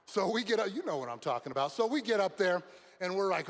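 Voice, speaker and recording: At a graduation ceremony, a man with a high voice tells a story at a quick pace, growing animated and shouting during the wild, exciting moments. This is a speech to a crowd rather than a chat, and the large venue lends it a long reverb.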